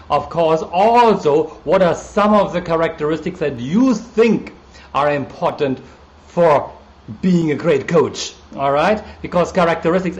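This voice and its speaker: A man with a German accent talks casually to a live-stream audience, greeting viewers by name between his points. His voice sits fairly high for a man, and his delivery is relaxed and chatty. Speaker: coach hosting a live stream.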